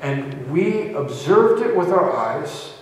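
A man's voice: on the high side, sing-song, takes it slowly. A male pastor preaching a sermon, reading scripture aloud and then explaining it with restarts and fillers. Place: church sanctuary. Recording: echoey church hall, mic at a distance.

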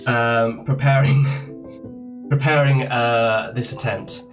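Slow-paced man narrating as game master. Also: medium pitch, steady tone. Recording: music bed under voices.

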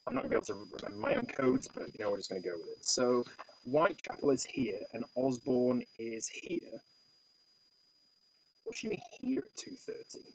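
A man hosting a solo detective board game play-through, reading the case aloud and thinking out loud with stammering restarts. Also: on the high side, wildly swooping pitch, moderate pace, vocal fry, muffled recording.

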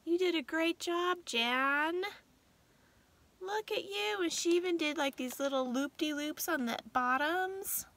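A woman vlogger chatting casually, gushing and sentimental as she talks, sometimes reading aloud haltingly. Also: very high voice, fairly bright tone. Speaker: vlogger host. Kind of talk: casual vlog chat.

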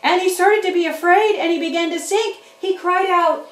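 A woman teaching children's church, telling a Bible story to young kids in an animated way and chatting with her puppets. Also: extremely high pitch, normal speed. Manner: animated, talks back to puppets. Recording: roomy room, mic at a distance.

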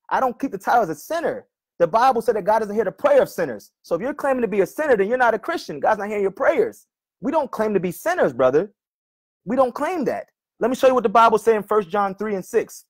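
A male preacher arguing with a commenter online, often calling him brother and reading scripture slowly and repeatedly. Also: high voice. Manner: argumentative, keeps addressing "brother", reads verses slowly and repeats them.

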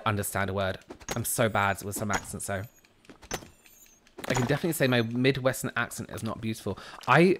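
A man's voice: on the low side, a bit bright, slight background noise. Chatty male game streamer, casual and rambling, restarts sentences a lot. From West Country, England. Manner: chatty and rambling, often breaking off mid-sentence. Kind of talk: casual chat while gaming.

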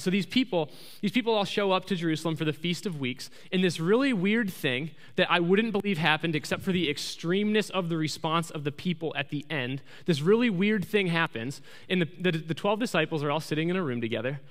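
A man preaching a sermon as pastor, telling the story in a lively, jokey way on a microphone in a church. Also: on the high side. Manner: animated storytelling, jokey asides. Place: church sanctuary. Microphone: handheld microphone. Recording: reverberant church hall.

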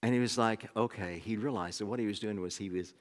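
A man's voice: on the low side, quick pace. A middle-aged man from Oklahoma, preaching a sermon in a folksy storytelling way with many restarts. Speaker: pastor. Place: church sanctuary. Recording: long sanctuary reverb.

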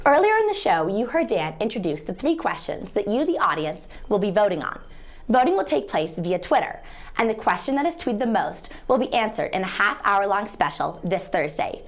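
Lively young woman presenting a tweet segment. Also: mid-range voice, normal speed. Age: young adult. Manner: bright, reads viewer tweets. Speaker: student co-presenter.

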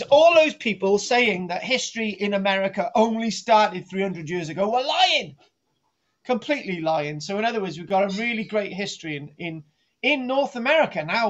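A man's voice: sits high, lively intonation, a little fast. A middle-aged man giving a rambling, jokey archaeology lesson on a live stream, teasing his co-host and restarting his sentences. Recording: dull lo-fi home stream audio.

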